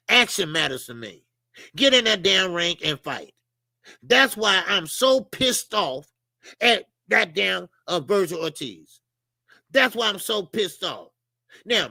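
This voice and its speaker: Male boxing stream host: high, gravelly, bright-edged voice, blunt and profane, rambling, dry close sound. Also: no echo. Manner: blunt, profane, rambling, talks to viewers in chat. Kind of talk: casual live-stream commentary.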